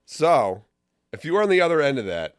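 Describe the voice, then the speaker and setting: A man's voice: a little high, big pitch swings, brisk, clear, resonant tone, dry recording, studio quality. Teasing, cussing podcast man. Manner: teasing, insistent, swearing. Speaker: podcast co-host. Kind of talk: crude joking banter.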